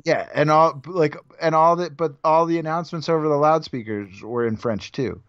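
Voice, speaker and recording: A man co-hosting a podcast, leading the questions in a relaxed, casual way with soft laughs. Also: on the high side, normal speed, highs cut off, a crowd in the background. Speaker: podcast co-host. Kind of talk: casual chat.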